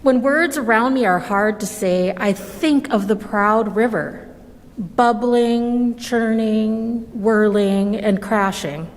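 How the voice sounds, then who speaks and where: A woman reading a children's story aloud at a church service, gentle and measured. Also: fairly high pitch. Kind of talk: slow storybook read-aloud. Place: church sanctuary. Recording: long reverb of a large hall.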